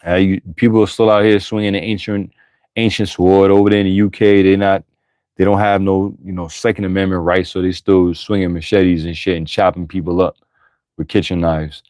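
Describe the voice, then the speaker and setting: A man with a low voice teaching from the Bible, reading verses aloud and then breaking into crude, forceful street-style commentary. The recording is dry and close, with no room sound around him. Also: little pitch movement, fairly quick, no echo. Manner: profane, blunt and emphatic, with bursts of laughter.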